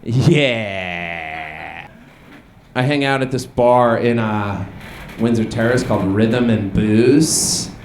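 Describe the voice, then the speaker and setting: A young man doing a deadpan observational stand-up comedy set on a small bar stage, with some crowd work. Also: medium pitch, unhurried, slight background noise. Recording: echoey bar room with ambience.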